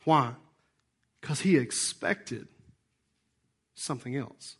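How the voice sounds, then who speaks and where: A man preaching a sermon in church, animated and hoarse, with a worn-out voice. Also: high voice, normal speed, long pauses. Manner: animated, acts out voices and asides. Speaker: pastor.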